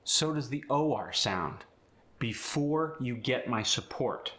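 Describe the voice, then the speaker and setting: A man's voice: medium pitch, lively intonation, takes it slowly, fairly bright tone. A man teaching an accent, explaining each sound change step by step before reading an example sentence. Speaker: accent coach. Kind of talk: accent tutorial.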